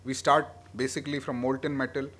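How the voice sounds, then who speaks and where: A man delivering a formal, prepared speech at a conference, measured with emphatic openings. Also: mid-range voice, flat delivery, fairly bright tone. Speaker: conference speaker.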